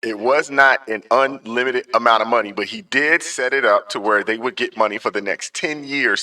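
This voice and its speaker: Low-voiced man giving casual commentary. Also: pushed and bright, no room sound. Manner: emphatic, conversational, folksy slang. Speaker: reaction channel host.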